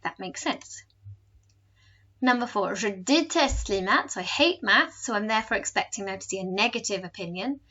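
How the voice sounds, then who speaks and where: A woman teacher talks a class through a recorded lesson. Her voice is bright and forceful, and she explains clearly and patiently. The recording sounds a little dull. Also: medium pitch, lively intonation, moderate pace. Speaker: French teacher.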